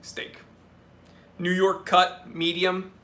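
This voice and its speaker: A man with a high, bright voice runs a casual live Q&A, reading viewer questions aloud. He answers in a joking way, full of quick asides and restarts mid-sentence. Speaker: watch channel host.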